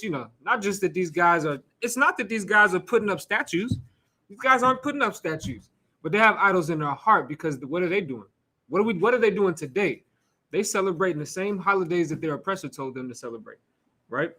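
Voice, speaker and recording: A man's voice: sits high, expressive, a little fast, sharp tone, breathy edge. A man leading an informal sermon in a casual, conversational way, throwing out rhetorical questions, asides and the odd curse word. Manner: laughs and asides to the room. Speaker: teacher leading a scripture class.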